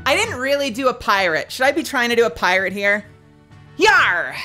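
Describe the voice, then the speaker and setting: A woman's voice: fairly high pitch, lively intonation, fast talker, sharp tone, faint music behind. A woman streaming a game read-through, chatting and thinking aloud between scenes.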